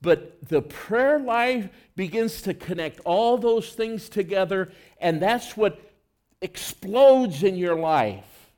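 A male preacher with a notably high voice delivers his sermon in an earnest, conversational way. He leans hard into emphatic lines, then sinks into soft, low stretches. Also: animated, slow.

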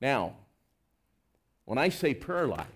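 A man preaching a sermon in an earnest, conversational way, swinging between loud emphasis and soft, low passages. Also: very animated, slow pace.

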